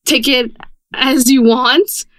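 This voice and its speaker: Young woman, podcast co-host, smooth clear tone, casual and swears a lot. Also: sits high, fairly even intonation, fairly bright tone, no room sound. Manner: chatty, swears freely, rushes in quick bursts. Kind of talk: casual chat.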